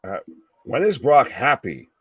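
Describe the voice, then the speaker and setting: A man's voice: mid-range voice, very animated, unhurried, fairly bright tone, breathy edge, dry recording. A man hosting a live reaction stream, joking, swearing freely and laughing at his own lines. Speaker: host of a live wrestling watch-along stream. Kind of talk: casual live reaction chat.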